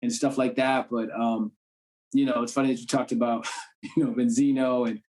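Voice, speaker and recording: Casting: male podcast guest from the Boston area, mid-pitched, relaxed and conversational, heavy on casual fillers. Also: normal speed. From Cambridge, Massachusetts. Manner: loose, street-casual talk full of "you know what I'm saying". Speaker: guest, actor.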